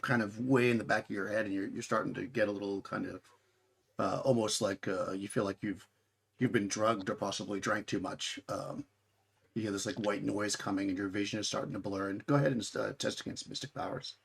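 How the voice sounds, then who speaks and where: A man's voice: on the low side, fairly even intonation, brisk, creaky, breathy edge. A man narrating as game master of a tabletop game, talking in a rambling way with many restarts.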